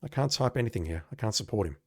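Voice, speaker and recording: A man's voice: on the low side, lively intonation, racing, darkish tone, no echo, clean studio sound. A man giving sarcastic, exasperated commentary while playing an old adventure game. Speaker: gamer playing a retro game. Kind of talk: let's play commentary.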